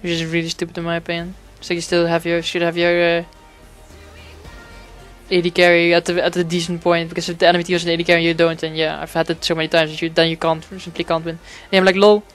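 A man narrating his own gameplay in a loose, rambling way, swearing freely and padding his sentences with fillers. His voice is smooth and clean, but his pitch stays fairly level, with little rise and fall. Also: monotone, fast talker, fairly bright tone, soft background music. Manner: rambling, profane, frequent fillers. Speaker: gaming commentator. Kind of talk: casual gameplay commentary.

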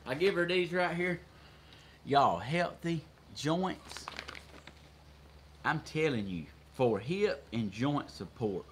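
A man with a Southern US accent hosting a casual livestream, folksy and quick to laugh as he chats with viewers. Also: on the high side, animated, a little hiss or hum. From Georgia, USA. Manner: folksy, laughs often, reads out viewer comments. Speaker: livestream host. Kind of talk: casual live chat with viewers.

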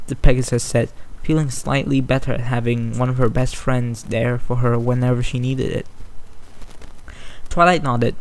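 A man's voice: mid-range voice, level tone, normal speed, rough recording. A man narrating a fan story aloud in a plain reading style with small stumbles.

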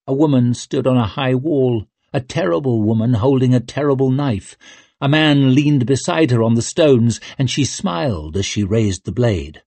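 A man narrating an audiobook in a measured, even storytelling manner. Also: mid-range voice, creaky, no echo. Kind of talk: scripted narration.

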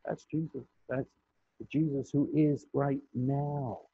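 Slow gravelly older preacher. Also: male voice, fairly even intonation, dark tone, no echo. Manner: slow, emphatic preaching with dramatic pitch swings. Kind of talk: sermon. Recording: muffled audio with buzz.

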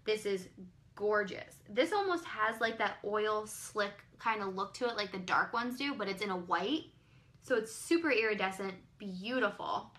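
A woman hosting a live online sales show, gushing and exclaiming excitedly as she presents each item. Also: mid-range voice, moderate pace. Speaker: live-stream pearl seller.

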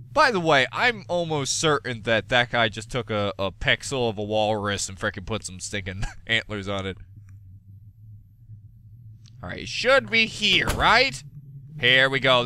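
A man giving gameplay commentary as a let's play gamer, excitable, profane and given to rants. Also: medium pitch, a little hiss or hum.

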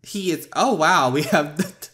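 A man's voice: on the high side, measured pace, sharp tone. A man hosting a story game playthrough, chatting playfully with frequent laughs and asides as he reads along. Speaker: gaming channel host.

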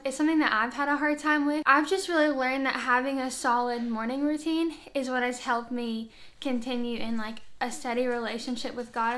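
A woman vlogger in casual chat to camera, earnest and chatty, filling her talk with "like.". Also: sits high. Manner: earnest, chatty, heavy use of "like". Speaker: faith vlogger. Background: soft worship music.

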